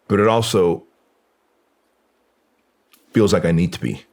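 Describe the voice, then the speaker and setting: A man's voice: lowish voice, normal speed, pauses often. A man in his forties, a guest on a podcast, telling a painful personal story in an earnest, raw, conversational way. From Armenia.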